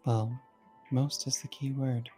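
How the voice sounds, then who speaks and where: A friend reading a visual novel aloud, voicing a calm, composed male guide from the dream world in a measured, slightly formal way. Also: medium pitch, faint music behind, close to an everyday voice.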